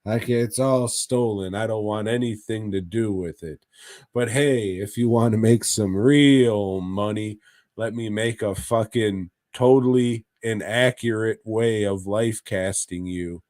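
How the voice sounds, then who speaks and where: A man's voice: fairly low pitch, unhurried, a little mellow, no room sound, natural voice. A man voicing a creepy pawn shop owner, in a blunt, offhand way close to his own voice.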